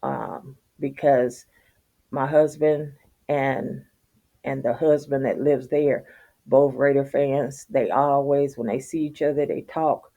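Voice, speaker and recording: A middle-aged woman telling a story in a casual, profane, animated rant, laughing as she goes. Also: extremely low pitch, slow, lo-fi sound. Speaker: vlogger.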